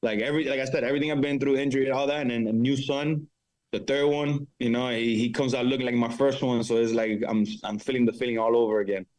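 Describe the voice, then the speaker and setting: A man's voice: medium pitch, steady tone, fast talker, darkish tone, low-quality recording. A confident male fighter talking as a guest on a podcast. He speaks in a mid-range voice with brash, slangy swagger. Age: adult father of four. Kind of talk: casual interview chat.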